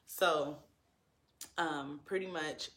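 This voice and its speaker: A man's voice: a little high, fairly even intonation, very slow, bright, forceful tone, reverberant. A man telling a personal story to his viewers in an earnest, emotional way, full of likes and ums.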